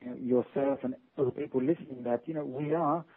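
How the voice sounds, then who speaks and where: A male author guest talking earnestly in a casual interview, halting often and restarting his sentences. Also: medium pitch, fairly even intonation, breathy edge, no echo. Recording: tinny phone line.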